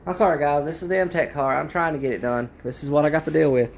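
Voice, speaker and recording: Gravelly man ranting in a garage. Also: a little high, fairly even intonation, fast, slight background noise. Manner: frustrated, ranting, complaining. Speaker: car restorer. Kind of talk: ranting workshop vlog.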